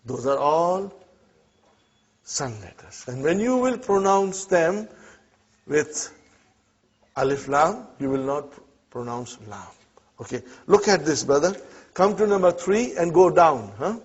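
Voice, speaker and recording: A man leads a classroom lesson, drilling words slowly and pausing often to make sure his students are following. His voice is a bit husky and moves lively up and down. The recording sounds dull and lo-fi. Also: a little high. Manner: checks in constantly with students. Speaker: Arabic teacher.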